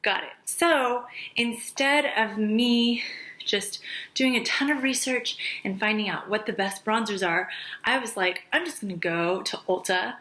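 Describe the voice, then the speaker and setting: Bright-voiced, chatty, breathless woman vlogger. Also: mid-range voice, measured pace, rough recording. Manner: chatty, gushing, drops to a whisper on praise. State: out of breath, pregnant. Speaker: makeup artist and beauty vlogger. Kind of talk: casual beauty review chat.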